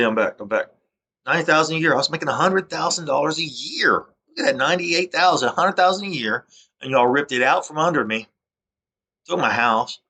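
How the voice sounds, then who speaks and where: An agitated man with a drawl rants in a long, repetitive monologue. He often stumbles and starts his sentences over. His voice has a bright, forceful edge. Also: medium pitch. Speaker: vlogger. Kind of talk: aggrieved rambling monologue over screen recording.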